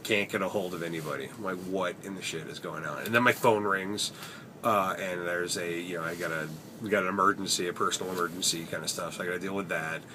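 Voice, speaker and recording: A man's voice: deep voice, steady tone, fast talker, noisy background. A man telling stories from his taxi shifts in a rambling, wry way, sometimes swearing, recorded inside his cab. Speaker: taxi driver. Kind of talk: casual storytelling vlog.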